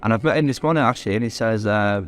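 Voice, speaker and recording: Talking fast in a voice on the low side, this young Algerian man has a London accent. Appearing as a guest English teacher in a relaxed interview, he sounds warm and enthusiastic and fills his speech with fillers.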